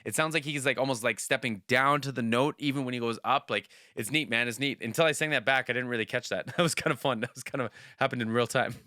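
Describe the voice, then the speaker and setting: A man's voice: medium pitch, quick pace, hardly any pauses, bright, forceful tone, no room sound, clean studio sound. A man hosting a music reaction video, chatting casually and enthusiastically with a rambling flow of fillers.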